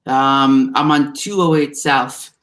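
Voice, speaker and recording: A man from New Jersey, a recruiter appearing as a guest, chatting in a relaxed, easygoing way over a video call. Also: mid-range voice, slow. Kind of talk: casual interview chat.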